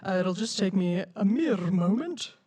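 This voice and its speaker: A woman's voice: medium pitch, lively intonation, a little slow, dark tone. A young woman from Denver doing a stand-up routine with a quirky, lilting, self-described silly way of talking. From Denver, USA. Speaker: stand-up comedian. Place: comedy stage before a live audience.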